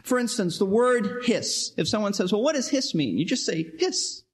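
A man teaching a verse-by-verse sermon, animated, acting out quoted voices and often repeating words as he restarts. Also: high voice, normal speed. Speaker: Bible teacher. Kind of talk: expository sermon.

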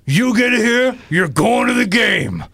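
A man putting on the gravelly voice of an old radio buddy, loud and excited. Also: extremely high pitch, slow, pitched above the performer's own voice, full character voice.

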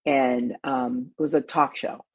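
A middle-aged woman with a low, gravelly voice, rough and very husky, tells a story in a casual, animated way. She restarts her sentences and throws in emphatic asides. Her voice is recorded close and dry, with no room sound. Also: measured pace, no echo, dull audio. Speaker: talk show host and panelist.

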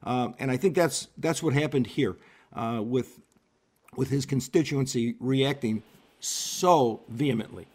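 An older man, a political commentator explaining events in a measured, explanatory way on a radio interview. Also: mid-range voice, a little mellow. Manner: measured, explanatory, with repetitions and fillers.

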